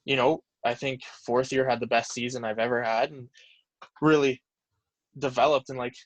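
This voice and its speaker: A man's voice: mid-range voice, level tone, moderate pace, no echo. Rambling young man. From Canada. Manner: rambling, heavy use of "like", reflective. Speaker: guest, pro football lineman. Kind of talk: casual storytelling interview.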